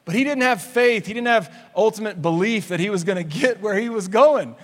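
A man in his thirties preaching a sermon in a church, energetic and conversational, with playful asides. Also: sits high, a little fast. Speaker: pastor. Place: church sanctuary. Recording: long hall reverb.

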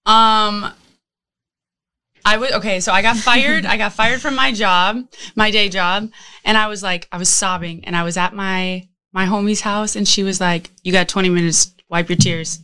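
Bright, smooth-voiced woman telling crude stories. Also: medium pitch, fairly even intonation, normal speed. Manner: crude, joking, storytelling. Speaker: podcast co-host, dancer. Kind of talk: casual podcast chat.

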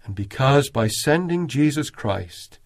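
A man preaching a sermon in an earnest, measured way, raising his voice when he quotes prayers. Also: medium pitch, expressive.

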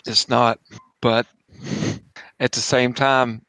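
A man narrating as game master of a tabletop horror game at home, casual and halting, restarting his sentences as he goes. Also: medium pitch, little pitch movement, fairly bright tone, no room sound, rough recording.

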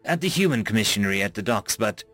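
A man voicing an earnest, gentle young woman student who speaks politely and reassuringly in a storybook reading. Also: lowish voice, lively intonation, quick pace, slightly rough, faint music behind.

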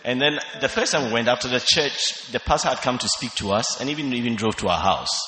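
A man telling his conversion story as a testimony in church, earnest and measured. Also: medium pitch, animated, sharp tone, roomy sound, long reverb tail. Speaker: church member giving testimony. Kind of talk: personal testimony on stage. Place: large church hall.

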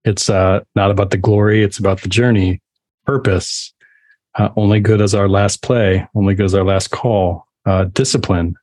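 A man's voice: fairly low pitch, steady tone, normal speed, a little mellow. A man hosting an interview podcast, summing up his guest's points as a list. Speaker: podcast host.

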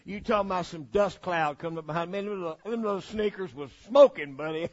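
Folksy, high-voiced preacher. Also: male voice, fairly quick, few pauses. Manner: animated, folksy, joking. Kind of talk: sermon. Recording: dull lo-fi recording.

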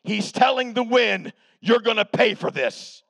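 A man preaching a revival sermon as pastor, shouting with emphasis and then dropping to a hush. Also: sits high, lively intonation, measured pace, vocal fry, no room sound. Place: church sanctuary.

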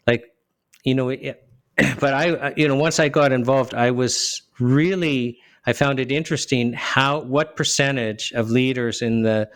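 A man's voice: medium pitch, no room sound. A man talks as an interview guest, earnest and emotional, with a mid-range voice. He often trails off and restarts his sentences. The sound is dry, with no room around it. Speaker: lawyer, guest. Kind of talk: casual interview talk.

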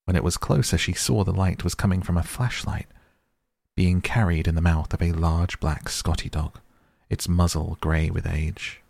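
Man, storybook narrator, very low voice, husky, slow and measured reading. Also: steady tone, a little mellow, no echo.

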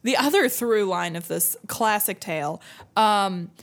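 Animated young woman telling a story. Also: medium pitch, a little slow. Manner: animated, laughing, acts out quoted voices, many fillers. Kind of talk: casual storytelling.

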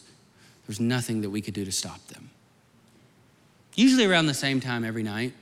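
Bright-voiced man preaching in a hall. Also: mid-range voice. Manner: rambling, restarts, fervent storyteller. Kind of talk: sermon with personal storytelling. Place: large hall before an audience. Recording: long hall reverb.

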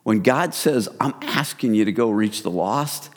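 A middle-aged man preaching a sermon as pastor, in a relaxed, conversational way that speaks to listeners as "you guys". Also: fairly low pitch, a little slow. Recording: reverberant hall.

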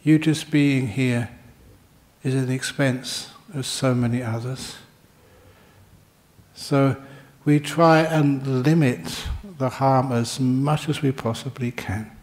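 A man giving a Buddhist dharma talk in a slow, reflective storytelling manner. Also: mid-range voice, steady tone, a little mellow.

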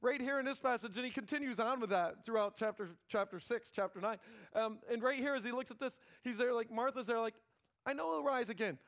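A man preaching a sermon, moving between emphatic loud passages and hushed low ones and acting out biblical characters in quick quoted asides. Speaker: pastor.

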